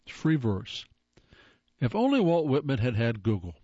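A man's voice: medium pitch, very animated, measured pace, mellow, no echo, dull audio. A man giving scripted comedic narration with a wry, playful delivery.

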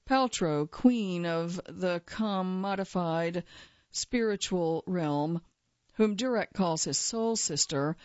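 A woman's voice: fairly low pitch, darkish tone, no echo, dull audio. A woman journalist telling a first-person feature story in a wry, dry way. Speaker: journalist narrator.

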